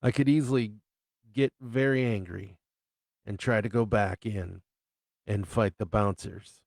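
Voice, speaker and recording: A man reads from his own novel in a slow, unhurried storytelling voice. His tone is low and gravelly, with a dry, close sound. He delivers crude humor in a matter-of-fact way. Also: darkish tone, dry recording. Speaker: author reading his novel. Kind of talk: live reading of fiction.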